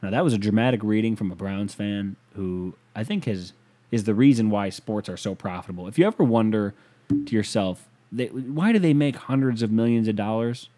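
A man's voice: lowish voice, mellow. A man hosting a casual, comedic rant show, talking in a profane, sarcastic and rambling way.

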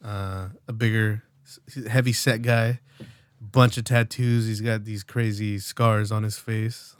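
A man's voice: lowish voice, flat delivery, unhurried, dry recording. A man in his late twenties co-hosting a podcast, rambling casually with lots of fillers and swearing. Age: late 20s. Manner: rambling, loose, profane, many fillers. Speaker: podcast co-host.

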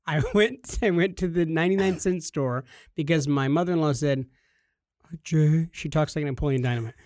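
Slightly high and quick, his voice comes through clean studio audio without echo. He's a podcast co-host who shares anecdotes in easygoing talk, animatedly acting out every quote.

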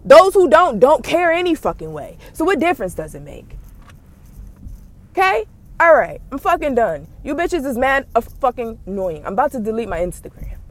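A woman podcast host, ranting bluntly and profanely in animated commentary. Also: high-pitched, moderate pace.

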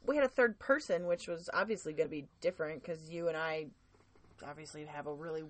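A woman's voice: deep voice, a little fast, no echo. A young woman co-hosting a podcast in casual, candid conversation, laughing easily. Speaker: podcast co-host. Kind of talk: casual chat.

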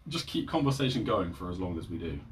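A man co-hosting a podcast in casual chat, teasing and joking with quick asides. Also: low voice, big pitch swings, slight background noise. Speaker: podcast co-host.

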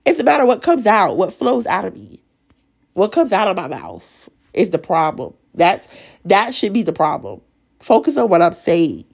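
A woman with a raspy, sinus-strained voice giving an emotional, earnest faith talk as a Bible study leader, stuttering and restarting as she goes. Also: mid-range voice, big pitch swings, moderate pace. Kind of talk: casual devotional talk.

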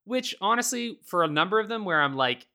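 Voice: mid-range voice, animated, a little fast, pushed and bright. A podcast co-host in casual chat, ranting with heavy profanity and laughing often while talking.

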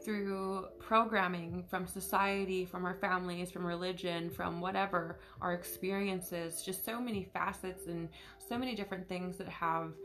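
A woman's voice: on the low side, fairly bright tone. A woman hosting a podcast, talking candidly in a casual spiritual monologue, chatty, full of fillers and casual swearing. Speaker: podcast host.

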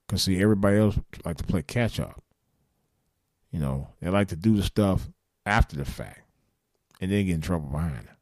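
A man's voice: deep voice, animated, moderate pace, a little mellow, dry recording, studio quality. A man in his fifties hosting a live late-night call-in show, talking earnestly and bluntly, repeating himself and swearing now and then. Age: 50s.

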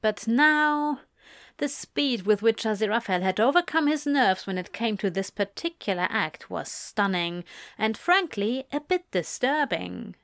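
A woman narrating a story aloud, calm and steady in tone. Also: fairly high pitch, a little slow, no room sound, studio quality. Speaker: audiobook reader. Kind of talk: scripted fiction narration.

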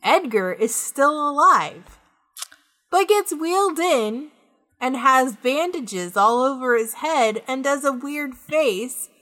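A woman's voice: sits high, takes it slowly. A woman co-hosting a podcast, ranting about a movie in casual chat and swearing freely. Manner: animated, profane ranting. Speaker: podcast co-host.

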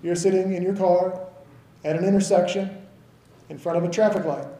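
Male pastor, 30s, from the South; chatty sermon delivery, high and warm, roomy church sound. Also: fairly even intonation, moderate pace. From American South. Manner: conversational, asks the congregation "right?" often.

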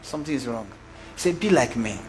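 Animated preaching man. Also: mid-range voice, a little fast, slight background noise. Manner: animated preacher, asks the congregation questions, acts out voices. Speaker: pastor. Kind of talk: sermon.

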